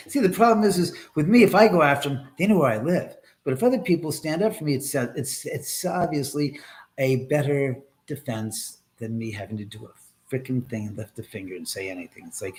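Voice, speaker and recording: A man's voice: medium pitch, brisk. A man hosting a casual livestream from his home, rambling and joking crudely with viewers and laughing often. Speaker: livestream host.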